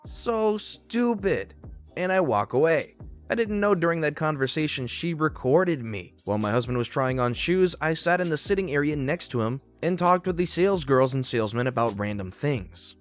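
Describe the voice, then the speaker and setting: A man's voice: a little high, expressive, brisk, soft background music. A man reading a first-person story aloud in a scripted storytime narration.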